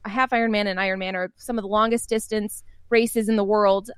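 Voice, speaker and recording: A woman's voice: medium pitch, steady tone, brisk, clean tone, dry recording. A young woman, an interview guest, telling family stories in a chatty way and laughing often. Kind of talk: casual storytelling in an interview.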